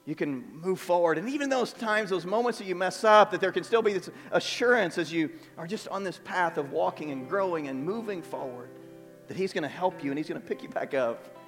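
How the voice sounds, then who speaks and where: A man preaching a sermon as pastor, earnest and repetitive, moving between quiet and emphatic passages. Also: high voice, brisk, in a large hall, faint music behind. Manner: earnest, repeats words, swings between soft and emphatic. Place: church sanctuary.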